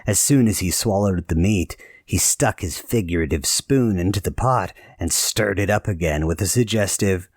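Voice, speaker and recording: A man narrating a novel in a measured storytelling voice. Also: low voice, dry recording, studio quality. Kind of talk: scripted audiobook narration.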